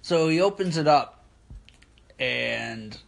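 A man's voice: fairly high pitch, animated, slow, creaky. A young man telling rambling, profane stories in casual chat and acting out the people he quotes. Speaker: podcast co-host telling stories.

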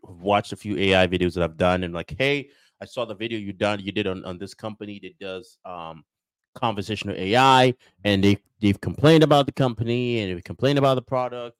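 A man's voice: on the low side, brisk, clean tone, no room sound. Rambling, upbeat male podcast host. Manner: rambling, repeats himself, lots of fillers. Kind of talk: casual podcast talk.

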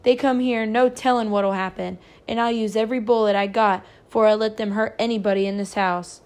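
Picture a stern, protective farm father in a storybook, scolding his children with a firm, weighty voice, as a woman reading aloud puts him on. The voice sits at a middling pitch for her. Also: steady tone, brisk, a little mellow, close to an everyday voice. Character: stern angry father, a farmer.

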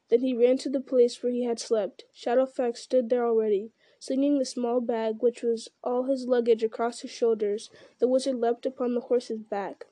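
Mellow woman reading a fantasy novel. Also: fairly high pitch, normal speed, hardly any pauses, no echo. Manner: steady storytelling with small slips and restarts.

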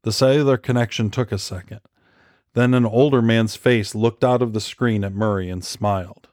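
A man reading thriller narration in an even, measured way. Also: on the low side, no echo, studio quality. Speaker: audiobook narrator.

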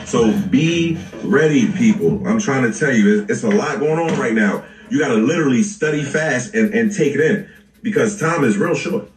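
A man's voice: mid-range voice, lively intonation, normal speed, roomy sound, distant mic, soft background music. A man co-hosting a livestream, lecturing his listeners and telling them to pay attention. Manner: lecturing, urges listeners to understand. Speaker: co-host. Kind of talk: casual spiritual talk.

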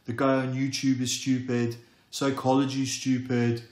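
A man's voice: little pitch movement, a little slow, close to an everyday voice. A man voicing a mocking, dismissive inner critic that jeers and repeats its refusals. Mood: scornful. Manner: jeering, repetitive, rising into shrill refusals. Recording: echoey room.

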